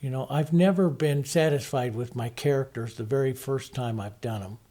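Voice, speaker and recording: A man's voice: mid-range voice, moderate pace, warm tone. Middle-aged guy teaching painting, laid back, talks as he paints, lots of ums and you knows. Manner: easygoing, thinking aloud while painting, many fillers. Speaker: painting instructor. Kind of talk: relaxed step-by-step painting demonstration.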